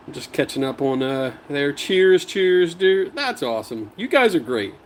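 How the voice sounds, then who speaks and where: Chatty man with a lively voice. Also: fairly high pitch, normal speed, few pauses, slight background noise. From Philadelphia, USA. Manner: chatty, laughs often, trails off and restarts. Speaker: livestream host. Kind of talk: casual livestream chat, reading viewer comments. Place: home garage.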